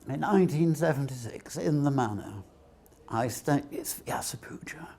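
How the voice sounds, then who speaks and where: A man who is a devotee, recalling a memory in an interview in a soft, halting and reverent way. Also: medium pitch, lively intonation, vocal fry. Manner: soft, halting, reverent, often near a whisper. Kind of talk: personal reminiscence in an interview.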